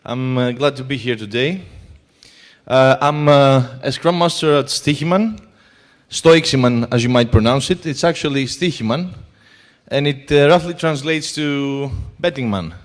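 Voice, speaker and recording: A man's voice: medium pitch, normal speed. Greek-accented man giving a conference talk. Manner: hesitant, many fillers. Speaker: conference speaker. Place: conference hall.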